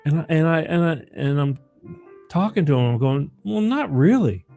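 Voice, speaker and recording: A man's voice: on the high side, normal speed, dark tone, soft background music. A man hosting a live call-in show, talking casually and rambling, often repeating the phone number.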